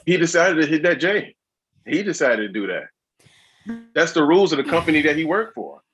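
A man's voice: a little high, very animated, a bit bright, soft background music. A man talking in casual podcast chat, emphatic and sarcastic. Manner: emphatic, sarcastic, fast-flowing.

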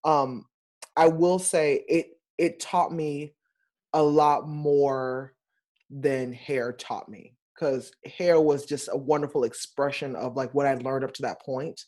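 Animated male Broadway performer. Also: medium pitch, slow pace. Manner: animated, expressive storyteller. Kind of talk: casual interview talk.

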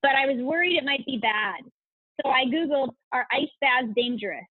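A woman's voice: sits high, normal speed, no room sound. A woman guest on a podcast, chatting casually and enthusiastically, gushing and laughing often. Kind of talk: casual interview chat. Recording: tinny phone-like line.

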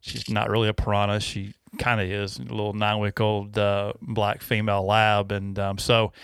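A man's voice: fairly low pitch, little pitch movement, normal speed, creaky, fairly bright tone, a little hiss or hum. A man hosting a podcast in casual, rambling chat, laughing and restarting his sentences. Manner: rambling, laughing, self-interrupting. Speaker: podcast host.

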